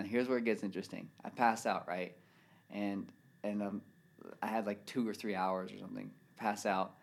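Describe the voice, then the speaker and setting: A man telling a rambling travel story in casual chat, full of "like" and "dude". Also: mid-range voice. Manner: rambling, animated, says "dude" and "like" a lot.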